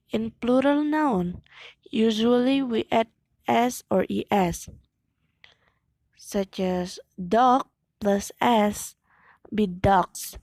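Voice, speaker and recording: A young woman, reading a class presentation aloud with slow, careful delivery and occasional slips. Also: mid-range voice, a little mellow, dry recording, low-quality recording. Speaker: student presenting an exam video.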